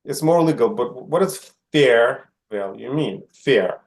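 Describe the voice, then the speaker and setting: A man's voice: mid-range voice, lively intonation, takes it slowly, gravelly. A middle-aged man teaching an online class, asking the students questions and often checking in with "right?". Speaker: instructor.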